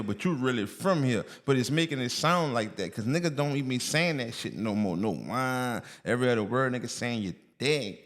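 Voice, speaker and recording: A man's voice: medium pitch, fairly bright tone. A man with a New Orleans accent, co-hosting a podcast in blunt, emphatic casual chat full of street slang. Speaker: podcast co-host.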